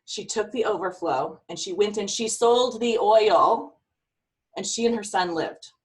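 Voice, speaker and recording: A woman's voice: mid-range voice, unhurried, far from the mic. A middle-aged woman life coach giving an earnest, emotional, faith-filled pep talk to a team over a video call.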